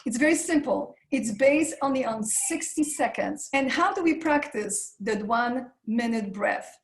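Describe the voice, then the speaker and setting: A woman presenting a live webinar on a video call, guiding listeners through breathing and voice warm-up exercises in an encouraging way. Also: on the high side, animated, a little slow, reverberant, rough recording. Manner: encouraging, leads breathing and vocal warm-ups.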